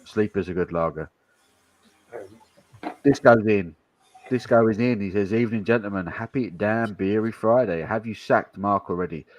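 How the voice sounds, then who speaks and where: Stand-in stream host: man, low-ish voice, easygoing banter with viewers. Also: moderate pace. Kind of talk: casual pub chat, reading viewer comments.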